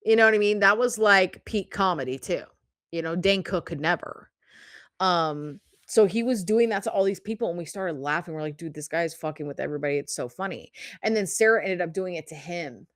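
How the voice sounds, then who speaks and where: A woman in her mid-thirties hosts her own podcast and tells stories in a loose, chatty monologue, full of fillers and casual swearing. Her voice sits a little low for a woman. The sound is dry and close, with almost no room around it. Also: moderate pace, a bit bright, no echo. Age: 30s. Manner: chatty, swears freely, lots of "like" and "um". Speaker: podcast host.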